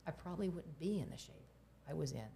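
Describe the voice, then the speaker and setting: A woman's voice: low voice, lively intonation, fast, creaky, mellow, a little hiss or hum. A middle-aged woman, a guest on a talk show, telling personal stories in a candid, reflective way that sometimes sinks to a near-whisper. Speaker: guest, herbalist.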